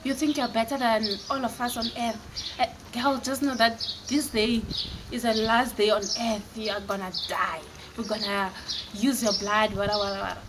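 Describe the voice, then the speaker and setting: A woman's voice: on the high side, fairly even intonation, normal speed, background noise, close to an everyday voice. A woman voicing a threatening female caller who menaces a child over the phone, in a cold, threatening manner. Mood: menacing.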